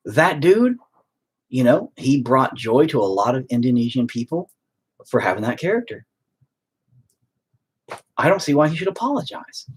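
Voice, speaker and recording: A man in his late thirties rants to his viewers, blunt and heavily profane. His voice is husky, with a lively pitch that swings up and down as he talks. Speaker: streamer painting on stream. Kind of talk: casual rant.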